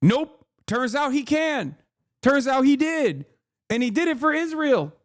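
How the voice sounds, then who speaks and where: A man in his thirties, a political streamer, rants to his livestream chat with heated, profane, emphatic political commentary. His voice is very high and expressive, his pace measured, and the studio-quality recording has no echo.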